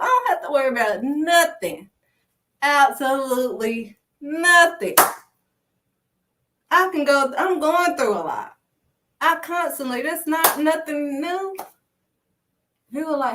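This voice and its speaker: Emphatic high-voiced woman preaching. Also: lively intonation, normal speed, pauses often, a bit bright, far from the mic. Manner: emphatic, punctuates points with "period"; calls listeners honey and sweetheart. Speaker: faith speaker. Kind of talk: casual preaching monologue.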